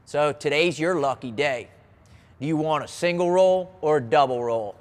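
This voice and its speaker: A man's voice: fairly high pitch, normal speed, lightly acted. A man voicing a blunt, matter-of-fact male naval training officer while retelling a story. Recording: long hall reverb.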